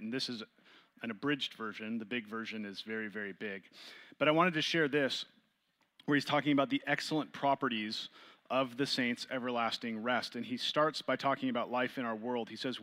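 A man's voice: medium pitch, bright, forceful tone. A man reading aloud from an old devotional book to a church group, with chatty, filler-filled asides before the reading. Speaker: church reader. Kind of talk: informal reading of a devotional text.

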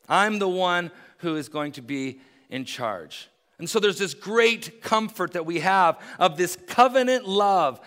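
A man's voice: high voice, a bit bright. A man preaching a sermon, earnest and building to emphatic peaks. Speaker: pastor. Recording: long reverb of a large hall.

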